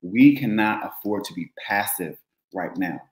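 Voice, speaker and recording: A man's voice: on the low side, expressive, a little slow, roomy sound, low-quality recording. A man making an impassioned call to action in casual podcast talk, driving his points home with repeated rallying phrases. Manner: emphatic, repetitive rallying calls. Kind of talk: impassioned political commentary.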